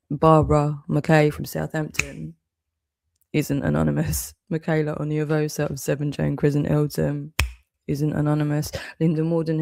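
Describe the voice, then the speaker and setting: A gravelly, dark voice delivers a bitter, sarcastic livestream rant full of curses. The pitch barely moves, and the sound is dry and close with no room around it. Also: no echo.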